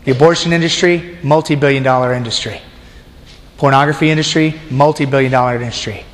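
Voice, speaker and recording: Joking preacher in a big echoing hall. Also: male voice, mid-range voice, fairly even intonation, fast talker. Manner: casual, joking, addresses audience directly. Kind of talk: sermon. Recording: long hall reverb.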